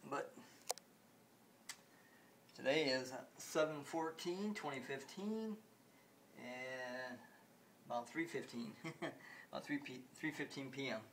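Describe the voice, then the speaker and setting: A man making a casual home video about video games, talking in a halting, repetitive way with many restarts. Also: mid-range voice, a bit bright, a little hiss or hum. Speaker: video game vlogger. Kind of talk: rambling home video chat.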